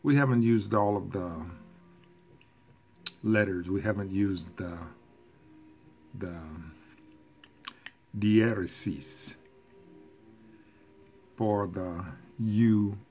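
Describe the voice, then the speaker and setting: A man teaching a recorded language lesson, explaining rules deliberately with casual asides and self-corrections. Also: fairly low pitch, warm tone, faint music behind. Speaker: Spanish teacher.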